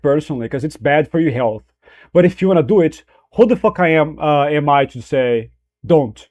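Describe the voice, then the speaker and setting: Loose, profane young streamer, slightly higher voice. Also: male voice, a little mellow. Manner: loose and profane, joking, reacting to chat. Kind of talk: casual livestream chat.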